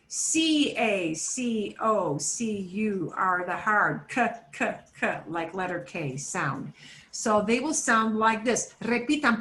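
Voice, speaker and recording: An American woman teaching a beginners' Spanish class, slowly and patiently saying words for learners to repeat. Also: mid-range voice, a bit bright, roomy sound. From United States. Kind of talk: classroom pronunciation lesson.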